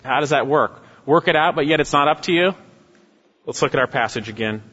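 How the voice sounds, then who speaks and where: A male pastor preaches with emphasis, his somewhat high voice climbing for urgent appeals and sinking into quiet, low asides. The sound is muffled and lo-fi. His voice rings with a long reverb, as in a large church hall. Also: a little fast. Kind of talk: sermon.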